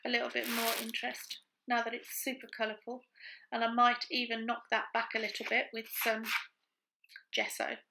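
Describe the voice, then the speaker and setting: A woman's voice: a little high, completely flat delivery, normal speed, vocal fry, noisy background. A woman in a casual crafting chat, thinking aloud as she works. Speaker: craft vlogger.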